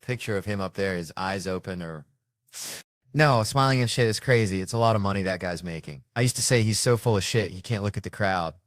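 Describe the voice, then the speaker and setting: A man's voice: on the low side, a little fast, no echo, clean studio sound. A man telling profane, rambling comic stories in a casual podcast chat. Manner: profane, rambling, animated anecdotes. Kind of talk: casual comedic storytelling.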